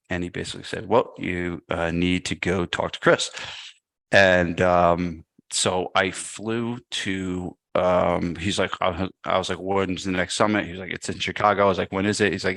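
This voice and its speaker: A man's voice: low-pitched, gravelly, no room sound. A man, a gym owner and podcast guest, telling a story casually and acting out what people said. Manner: animated, acts out quotes.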